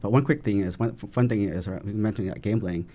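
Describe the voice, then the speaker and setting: A young man in a casual podcast chat, relaxed and full of fillers and small laughs. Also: lowish voice, fast. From Vietnamese family in the US. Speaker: podcast guest.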